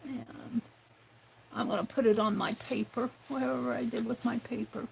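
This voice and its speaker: A woman's voice: fairly high pitch, fairly even intonation, vocal fry, a little mellow, slight background noise, rough recording. A woman hosting a craft livestream, musing aloud as she works and now and then talking to herself in the third person. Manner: unhurried, musing aloud while working with hands. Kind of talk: casual craft demonstration.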